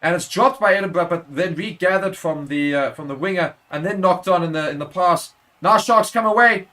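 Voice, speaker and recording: A man's voice: high voice, brisk, sharp tone. A man giving live play-by-play commentary on a rugby match for a watchalong stream, correcting himself as he goes and rising sharply at big moments.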